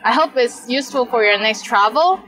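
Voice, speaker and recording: A young woman, teaching vocabulary in a chatty video lesson and repeating each word slowly for learners. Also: a little high, pushed and bright, rough recording. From Hong Kong. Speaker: language teacher.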